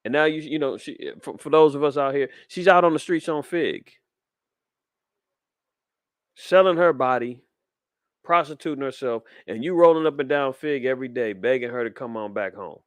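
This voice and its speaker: A man's voice: mid-range voice, moderate pace, dry recording. A man, preaching fiery commentary on the news in street slang. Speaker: podcast host.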